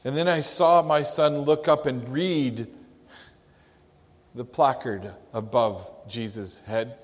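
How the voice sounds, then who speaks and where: A man acting as a grieving Jewish father in a dramatic first-person monologue, telling it in a slow, halting, hushed way. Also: mid-range voice, steady tone, close to an everyday voice. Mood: stunned. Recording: long echoey hall reverb.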